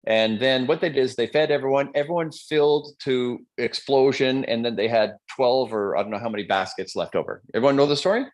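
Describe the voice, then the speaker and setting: A man giving a live-streamed motivational talk, joking and conversational, checking in with his audience with quick questions. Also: mid-range voice. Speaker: motivational speaker.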